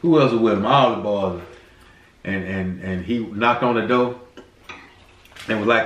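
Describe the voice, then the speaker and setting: A man with a Southern US accent chats playfully on a couple's eating show, telling animated stories that rise to loud bursts. His voice is fairly low, at a normal speed with long pauses. The mic sits back from him, giving a roomy sound with faint noise.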